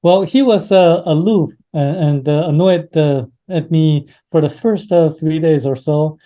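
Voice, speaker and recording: Dark-voiced man telling a story. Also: on the high side, measured pace. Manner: hesitant, many fillers and restarts. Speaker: interview guest. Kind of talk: casual interview storytelling.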